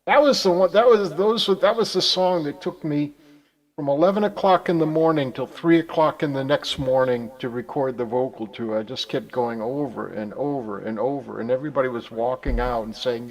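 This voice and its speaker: A man from the United States hosting a casual chat, telling rambling, animated stories that trail off into asides. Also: medium pitch, moderate pace, rough recording. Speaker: host.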